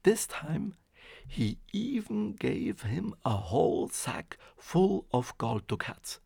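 A man narrating a fairy tale in a slow, expressive reading. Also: a little high, gravelly, husky, dry recording, studio quality. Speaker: storyteller. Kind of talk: storybook narration.

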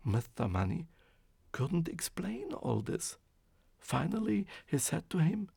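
A man narrating a fairy tale in a slow, expressive reading. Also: fairly high pitch, vocal fry, husky, dry recording, studio quality. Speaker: storyteller. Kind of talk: storybook narration.

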